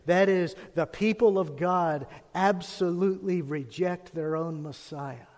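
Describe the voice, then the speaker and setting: A man giving a sermon as pastor, earnest, dropping his voice low and soft when he reads scripture. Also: a little slow, long reverb tail.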